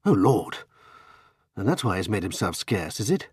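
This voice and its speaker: A man's voice: lowish voice, very animated, normal speed, slightly rough, no room sound, studio quality, exaggerated voice. A man doing a chummy young English gent. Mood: brisk.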